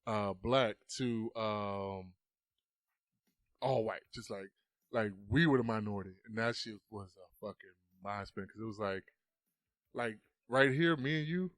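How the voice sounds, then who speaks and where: A man's voice: fairly low pitch, a little slow, fairly bright tone, dry recording. A man, a podcast guest, telling a story casually into a close mic. He swears often and acts out the voices.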